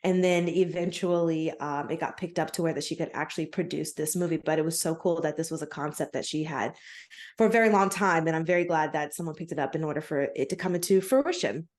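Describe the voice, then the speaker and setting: Chatty woman podcast co-host, slightly low. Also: fast, darkish tone. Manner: chatty, laughs often, stumbles over names. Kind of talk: casual chat.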